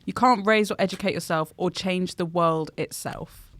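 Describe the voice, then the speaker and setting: A woman's voice: on the low side, moderate pace, a bit bright, no room sound. A woman co-hosting a podcast, speaking tentatively and thinking aloud in casual chat. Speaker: podcast producer and co-host.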